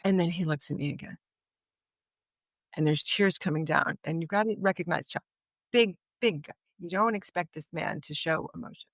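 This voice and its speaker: A woman's voice: fairly low pitch, moderate pace, no echo. Woman telling a story, dry close sound. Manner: vivid anecdote teller, acts out quoted dialogue. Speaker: podcast guest, author. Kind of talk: storytelling in conversation.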